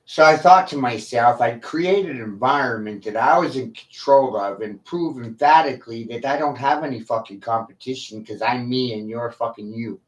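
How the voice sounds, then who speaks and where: A man ranting on a livestream, profane, combative and boastful, with long pauses between his lines. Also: medium pitch. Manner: slow, drawn-out delivery with long pauses. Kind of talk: livestream rant.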